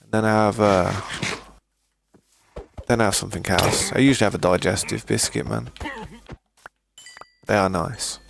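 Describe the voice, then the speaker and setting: A man's voice: lowish voice, fairly even intonation, moderate pace, gravelly, pauses often, background noise. A British man streaming a game live, chatting casually with viewers, often restarting his sentences and calling them mate and boys. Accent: British English. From Britain. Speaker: gaming streamer. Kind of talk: casual live gameplay commentary.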